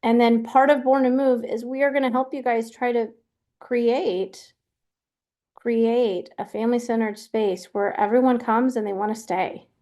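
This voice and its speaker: A woman's voice: on the high side, steady tone, measured pace, mellow. A middle-aged woman hosting a webinar, talking casually with lots of fillers and restarts. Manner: chatty, many fillers and restarts. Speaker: webinar host.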